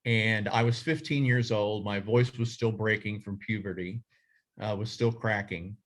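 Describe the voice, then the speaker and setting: A man's voice: lowish voice, fairly even intonation, a little slow, fairly bright tone. A middle-aged man who leads a journalism association, speaking in a casual, rambling way full of fillers and restarts. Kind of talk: casual reflective talk.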